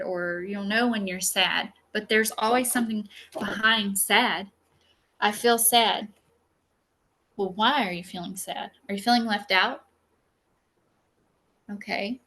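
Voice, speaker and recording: A woman healer teaching an online class in a chatty, animated way, full of filler words and personal stories. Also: medium pitch. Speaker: psychic healer and masterclass teacher. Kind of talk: casual spoken lesson with a personal story.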